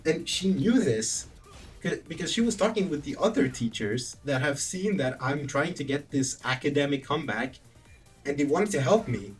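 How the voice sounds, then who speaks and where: Animated young man telling a story. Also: on the high side, moderate pace, husky. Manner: animated, profane, rambling with self-corrections. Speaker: vlogger. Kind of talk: casual storytelling vlog. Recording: distant mic, faint background music.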